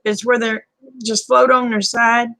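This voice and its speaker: A woman's voice: a little high, flat delivery, measured pace, fairly bright tone, no room sound. An older woman, hosting a casual late-night chat and calling viewers honey and babe. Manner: folksy, calls people honey and babe. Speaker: live stream host.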